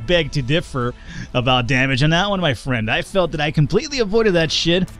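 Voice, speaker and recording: A man giving let's play commentary as a channel host, excitable and profane, joking and laughing often, a little tipsy and slurring. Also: fairly high pitch, brisk, soft background music.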